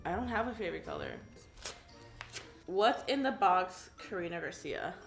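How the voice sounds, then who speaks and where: Reading viewer questions aloud, a twenty-something YouTube crafts creator from California chats with a bubbly manner, saying "like" constantly and giggling at what she answers. Her fairly low, creaky voice has lively intonation at a normal speed. There's reverb and soft background music.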